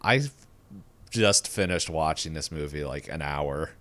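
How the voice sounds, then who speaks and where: A man's voice: a bass voice, a little slow, fairly bright tone. A man co-hosting a casual podcast, talking about a film in a laid-back, joking, rambling way. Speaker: podcast co-host.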